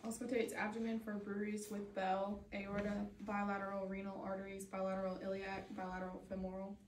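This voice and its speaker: A woman's voice: mid-range voice, monotone, fairly quick. A woman reading items from an exam checklist aloud to an instructor, in a plain, matter-of-fact way. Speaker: student reading exam steps. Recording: roomy, distant mic with faint noise.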